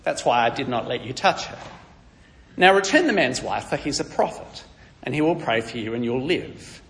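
A man's voice: medium pitch, big pitch swings, normal speed, fairly bright tone, long reverb tail, a little hiss or hum. A man voicing God, giving a firm, matter-of-fact warning. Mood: stern. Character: stern divine voice of God, male.

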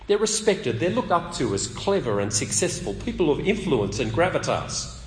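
Lively man preaching in an echoey hall. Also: a little high, moderate pace, soft background music. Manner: conversational, asks the audience questions. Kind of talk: sermon. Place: meeting hall. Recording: echoey hall with long reverb.

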